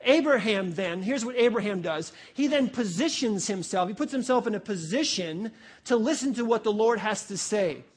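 High-voiced animated male preacher. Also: moderate pace, breathy edge. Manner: animated, acts out voices and rhetorical questions; jokey, conversational preaching. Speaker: pastor. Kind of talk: sermon.

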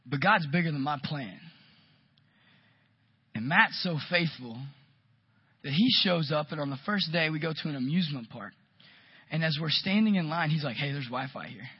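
A man preaching a sermon, telling a story with lively, animated delivery and acting out quotes. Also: on the high side, normal speed, pauses often, breathy edge, no echo, highs cut off. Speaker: pastor.

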